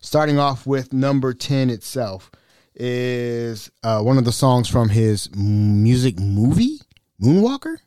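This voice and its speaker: A man's voice: mid-range voice, sing-song, takes it slowly, dark tone, clean tone, dry recording, studio quality. A young adult man hosting a podcast, telling a comic story in a loose, rambling way with frequent restarts. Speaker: podcast host. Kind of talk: casual podcast monologue.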